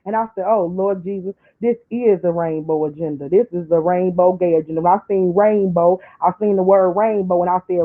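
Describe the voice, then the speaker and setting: A woman talking on a live stream in a preachy, emotional way, dropping low for asides and climbing high when she pleads. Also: steady tone, fairly quick, few pauses. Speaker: online commentator. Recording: tinny phone-like line.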